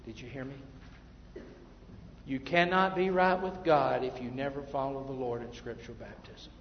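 A male pastor preaching a sermon, emphatic, then dropping to quiet asides. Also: medium pitch, normal speed, slight background noise. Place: church sanctuary. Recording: muffled, echoey church hall.

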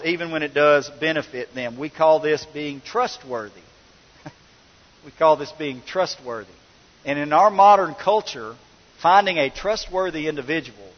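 A middle-aged pastor preaching a sermon, mixing folksy storytelling with emphatic points, in an echoey hall with dull sound. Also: male voice, on the high side.

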